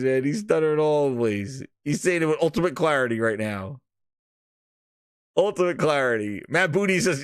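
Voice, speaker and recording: A man's voice: a little high, moderate pace, no room sound, studio quality. A man hosting a gaming podcast alone, ranting casually with profanity and mockery. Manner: profane, mocking, animated. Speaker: podcast host.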